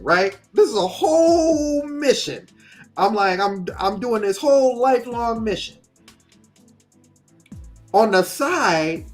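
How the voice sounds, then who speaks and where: Animated man telling a long story. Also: high-pitched. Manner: animated storyteller, acts out quoted characters, laughs often. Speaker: podcast co-host. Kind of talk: casual chat.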